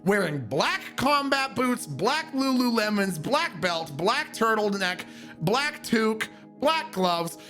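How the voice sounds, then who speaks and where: A man telling a story with a pitch that leaps up and down. He swears freely and breaks into sudden shouts as he acts it out. Soft music plays faintly behind him. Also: slow. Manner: animated, profane, bursts into shouts. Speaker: streamer. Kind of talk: casual storytelling.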